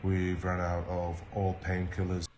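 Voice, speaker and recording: An exhausted medic, a man, gives a halting account full of pauses and ums. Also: sits low, completely flat delivery, darkish tone. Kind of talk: recorded video account.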